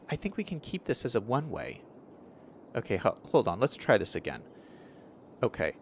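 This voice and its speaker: A man live-streaming a city-building game, talking his plans through out loud and changing his mind as he goes. His pitch swings widely, rising and falling from one phrase to the next. He speaks casually, straight into a desk mic. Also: wildly swooping pitch, normal speed, long pauses, a little hiss or hum. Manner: thinks aloud, chatty, self-correcting. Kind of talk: casual gameplay commentary.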